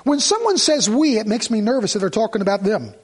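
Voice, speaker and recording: A man with a high voice preaches a sermon. He talks to the congregation in a conversational way and poses rhetorical questions. Now and then he sinks to a quiet, low voice for emphasis. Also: sing-song, a little fast, slightly rough. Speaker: pastor.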